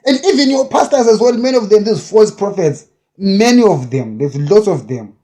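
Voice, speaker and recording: A man preaching with a high-pitched yet mellow voice. He drives his points home with blunt, repeated short phrases. His delivery is forceful and insistent. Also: expressive, normal speed. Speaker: self-described prophet. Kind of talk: impassioned preaching monologue.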